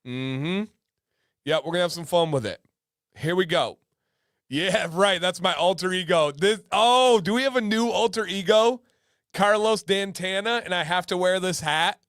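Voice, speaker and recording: A man's voice: high voice, moderate pace, fairly bright tone, clean tone, no echo, studio quality. A man hosting a casual livestream, playful and joking, often repeating his lines for laughs. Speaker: livestream host.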